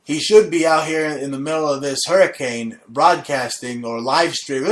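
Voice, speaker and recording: A man's voice: a little high, moderate pace, hardly any pauses. A man hosting his own talk show, chatting casually in a brash, crude and mocking way. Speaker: radio show host. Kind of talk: casual crude comedy chat.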